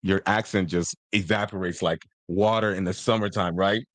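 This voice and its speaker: A man's voice: sits low, moderate pace, no echo. Storytelling man with dry close sound. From Nigeria and the US. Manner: animated storyteller, acts out quotes. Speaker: podcast host. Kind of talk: casual chat.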